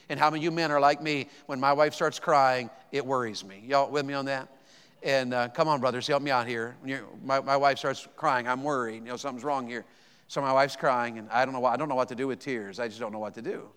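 This is a pastor in his fifties preaching from a church sanctuary. He calls out emphatically to the congregation and stumbles into repeated words. His mid-range voice is clean and a bit bright, and the sound bounces around an echoey church hall.

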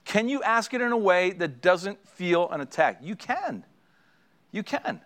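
Man, middle-aged, pastor, sermon, high-pitched voice, earnest, exhorting, repeats phrases. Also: big pitch swings, unhurried, a bit bright.

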